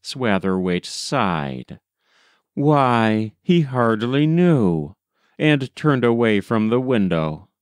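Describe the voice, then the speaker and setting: A man narrating a story as an audiobook reader, measured and gentle. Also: mid-range voice, sing-song, clean tone, no echo, studio quality. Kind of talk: scripted narration.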